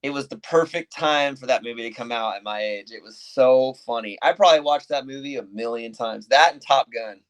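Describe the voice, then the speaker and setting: A man's voice: medium pitch, fairly quick, hardly any pauses, clean tone, poor audio. An American man, a podcast guest, chatting in an easygoing way. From United States. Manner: easygoing, chatty, laughs at his own stories. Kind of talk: casual chat.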